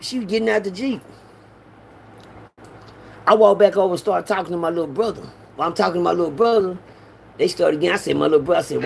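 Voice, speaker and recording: A middle-aged man, telling a street story in an animated way and raising his voice to act out quotes. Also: vocal fry, a little hiss or hum. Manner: animated, acts out quotes with raised pitch.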